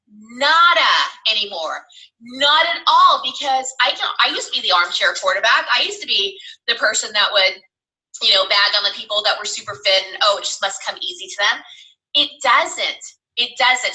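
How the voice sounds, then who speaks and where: A woman's voice: high voice, bright, forceful tone, poor audio. A woman guest in a casual chat, speaking passionately and with emphasis.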